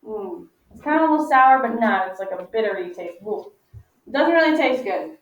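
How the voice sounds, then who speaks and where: A woman teacher leading a phonics lesson for young children, patient and encouraging, stretching out sounds slowly for them to follow. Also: on the high side, expressive. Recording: echoey, distant, muffled classroom audio.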